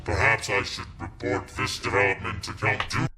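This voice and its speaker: A man's voice: deep voice, fairly even intonation, normal speed, pitched below the performer's own voice, close to an everyday voice. Man doing a stammering nervous councilman. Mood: flustered. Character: nervous male alien councilman, timid and flustered. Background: music.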